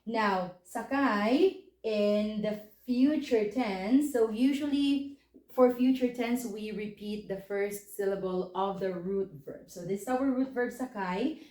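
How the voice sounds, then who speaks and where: A woman's voice: medium pitch, slow, a little mellow, reverberant. A woman teaching a language lesson, patiently explaining step by step and checking in with questions. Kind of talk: spoken lesson.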